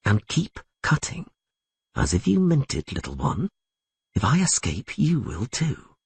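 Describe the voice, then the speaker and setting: A man voicing a cunning, mocking male captive who speaks in a low hiss. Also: huge pitch swings, unhurried, vocal fry, slightly rough, no echo, full character voice. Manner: hissing, low conspiratorial.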